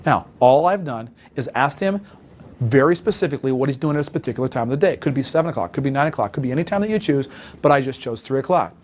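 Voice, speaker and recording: Expressive and quick, a medium-pitched male voice, with a little hiss or hum in the recording, teaches listeners how to make sales calls. The sales trainer speaks emphatically and acts out example calls in an instructional style.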